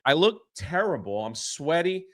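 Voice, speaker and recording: Bright, excitable male storyteller. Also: on the high side, measured pace, no room sound, clean studio sound. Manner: excitable, swears mildly, acts out quotes. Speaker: podcast guest. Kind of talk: animated storytelling.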